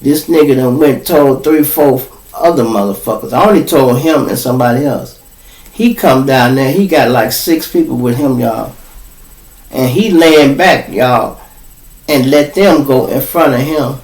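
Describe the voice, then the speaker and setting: Profane Chicago storyteller, echoey room. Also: male voice, medium pitch, moderate pace. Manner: profane, animated, addresses listeners as y'all. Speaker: podcast host. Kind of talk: comedic street storytelling. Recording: echoey room, distant mic.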